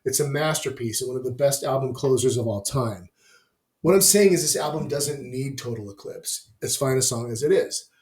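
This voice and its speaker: A man's voice: mid-range voice, moderate pace, a little mellow. A man hosting a music review, talking through albums with enthusiasm, profanity and wry asides. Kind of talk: opinionated album review monologue. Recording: roomy echo.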